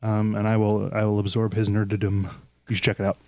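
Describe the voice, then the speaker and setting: A man's voice: lowish voice, monotone, a little fast, a little mellow, no room sound. A man co-hosting a casual podcast, dropping wry remarks. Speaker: podcast co-host. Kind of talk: casual chat.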